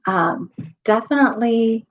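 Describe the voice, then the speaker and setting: A middle-aged woman chatting casually on her live stream, losing her voice and pausing often with ums. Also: fairly high pitch, lo-fi sound. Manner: halting, with many pauses and ums.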